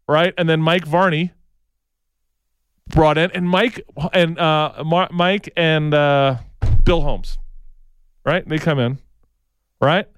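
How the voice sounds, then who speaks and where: A man's voice: fairly high pitch, fairly even intonation, slow pace, long pauses, clean tone, no echo. A man co-hosting a talk show, telling rambling opinionated stories, tagging his sentences with "right?" and slipping into impressions of the people he quotes. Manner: tags sentences with "right?", frequent restarts.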